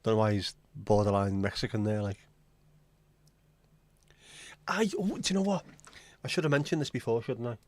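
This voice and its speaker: Chatty man with a lowish voice. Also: moderate pace, long pauses. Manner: chatty, crude, self-mocking jokes. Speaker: livestream host. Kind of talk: casual livestream chat.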